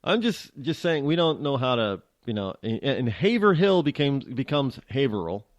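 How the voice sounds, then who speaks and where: A man's voice: a little high, big pitch swings, normal speed, dry recording, studio quality. A man from New hosting a radio show, talking in a rambling, joking way that keeps interrupting itself. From New England. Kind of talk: casual talk radio monologue.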